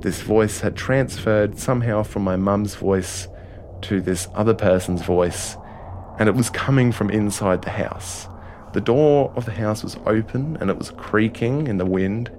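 A man with an Australian accent telling a first-person story in a halting way, often restarting his sentences. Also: lowish voice, a little mellow, slight background noise. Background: music score.

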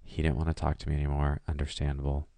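A man's voice: extremely low pitch, fast, background noise. A young adult man, a podcast guest, telling a story casually and acting out the quotes. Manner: animated storyteller who acts out quotes.

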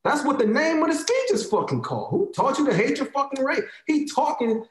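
A man's voice: very high-pitched, sing-song, fairly quick, echoey room, poor audio. A man in his thirties with an African American Vernacular English accent, ranting in casual talk; heated, profane and emphatic, repeating lines to drive his point home. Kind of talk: casual opinionated rant.

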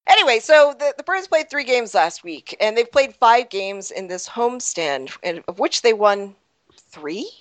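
A woman's voice: fairly high pitch, very animated, unhurried, dry recording. A woman hosting a casual sports podcast, giggly and rambling, often laughing at herself. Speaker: podcast host.

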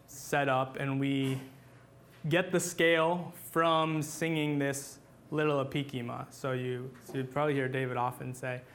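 A man's voice: fairly high pitch, a bit bright. A man teaching a class on church chant, talking patiently with many fillers and restarts, and singing short examples.

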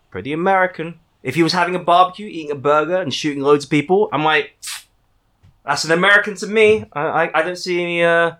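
A man's voice: a little high, a bit bright. A man hosting a casual book-discussion podcast, joking and rambling with fillers and restarts.

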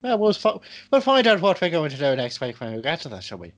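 Lively jokey male podcast co-host. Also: fairly high pitch, quick pace. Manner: jokey, rambling, deadpan riffs. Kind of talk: casual banter.

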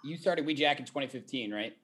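A man's voice: mid-range voice, fast, fairly bright tone, husky. A man hosting an interview who reacts to his guests with enthusiasm. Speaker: interview host.

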